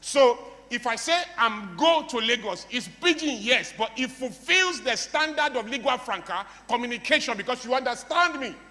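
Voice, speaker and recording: A man's voice: extremely high pitch, lively intonation, normal speed, hardly any pauses, bright, forceful tone, in a large hall. A man with a Nigerian English accent giving a playful motivational talk to a live audience, mimicking broken English for laughs. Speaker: motivational speaker.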